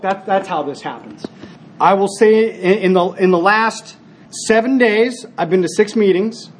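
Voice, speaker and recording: At a recovery meeting, a man with a high voice shares personally over a slight hiss or hum. He tells stories earnestly, growing animated when acting out scenes and often restarting his sentences.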